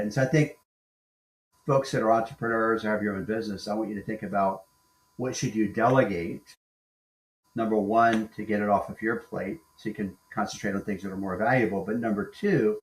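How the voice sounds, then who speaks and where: A man in his sixties, a guest executive coach, talking emphatically and counting off his points in a conversational interview. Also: fairly low pitch. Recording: roomy echo.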